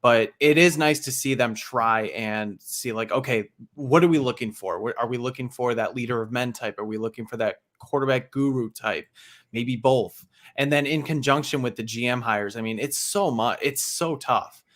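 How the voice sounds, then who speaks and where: A man's voice: medium pitch, normal speed, a bit bright. A man appearing as a guest on a sports talk show, eager and chatty, often restarting his sentences.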